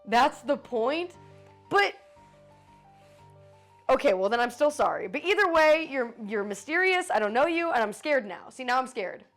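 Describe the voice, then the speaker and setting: Woman streamer, casual live chat, quick to swear and quick to apologize, voice sitting a bit high. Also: big pitch swings, fairly bright tone, faint music behind. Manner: swears freely, jumps between joking and apologizing.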